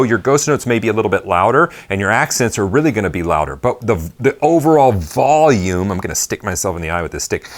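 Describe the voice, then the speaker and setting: A man giving a casual drum lesson at his kit, talking in a loose, chatty way with rambling asides. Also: fairly low pitch. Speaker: drum teacher.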